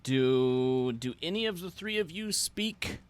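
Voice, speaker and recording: A man's voice: a little high, animated, takes it slowly, clear, resonant tone, faint music behind. A man running a live tabletop game as dungeon master, explaining rules and rulings. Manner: rules-focused, explanatory, laughs easily.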